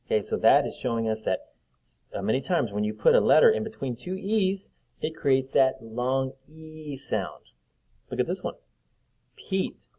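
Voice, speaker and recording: A man teaching young children to read, slowly sounding out letters and words with patience. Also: mid-range voice, expressive, muffled recording. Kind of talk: reading lesson for young children.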